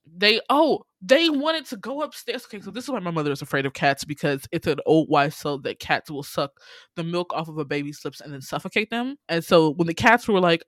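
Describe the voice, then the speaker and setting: A woman in a relaxed podcast chat, retelling a film with salty language and mock outrage. Her pitch leaps around constantly. The sound is close and dry, with no room in it. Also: brisk, dry recording. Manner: animated, swears freely, acts out her own outraged reactions in a high voice. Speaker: podcast co-host. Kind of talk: casual movie recap chat.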